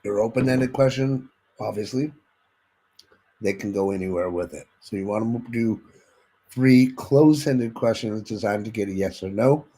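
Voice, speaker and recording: Male sales trainer, lowish voice, instructive delivery that demonstrates tones and checks in with listeners. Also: normal speed, noisy background. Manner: instructive, addresses listeners directly with frequent "okay?"; demonstrates vocal tones and inflections while teaching.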